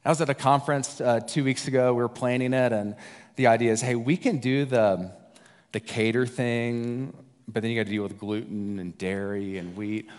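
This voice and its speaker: Male guest preacher, mid-pitched, chatty and wry, acting out quoted lines; reverberant church hall. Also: fairly even intonation, moderate pace, darkish tone, clear, resonant tone. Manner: conversational, jokey, acts out the disciples' voices. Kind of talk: sermon.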